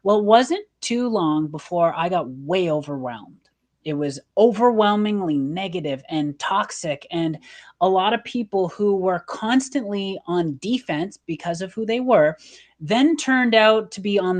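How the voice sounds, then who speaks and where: Woman host talking, kinda low voice, earnest and emotional, rambles and restarts a lot. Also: normal speed. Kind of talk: emotional personal talk on a show.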